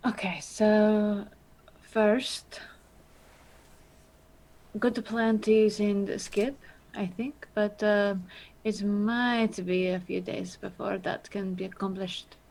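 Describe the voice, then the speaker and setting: A woman playing a tabletop role-playing game in character, with a prim, coy, measured manner. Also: mid-range voice, fairly even intonation, vocal fry, a little mellow, low-quality recording.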